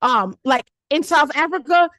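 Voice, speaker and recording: A young woman from Detroit, talking casually and telling stories with lively acted-out quotes, recorded dry and close. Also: sits high, normal speed, dry recording. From Detroit, Michigan, United States. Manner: animated storyteller who acts out quoted voices. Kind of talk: casual conversation.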